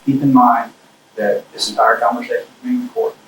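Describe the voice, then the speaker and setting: A man's voice: mid-range voice, big pitch swings, brisk, a bit bright. A police detective leads an interrogation with procedural, directive questions. He is recorded from a distance in a reverberant room. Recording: echoey distant room mic with faint noise.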